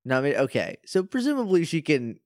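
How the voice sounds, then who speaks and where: A man with a lively, swinging pitch trading jokes on a casual podcast. He swears freely and laughs often. His voice sounds close and dry, with no room echo. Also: fairly quick. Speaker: podcast co-host.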